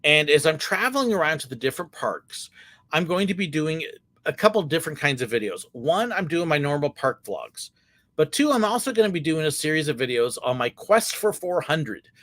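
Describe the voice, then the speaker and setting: A middle-aged man chatting through viewer questions on a livestream. His voice is fairly high and very lively, and it swings up and down as he talks. The sound is dry and close, with no room echo. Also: brisk. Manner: chatty, candid, frequent filler words. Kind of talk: casual live Q&A chat.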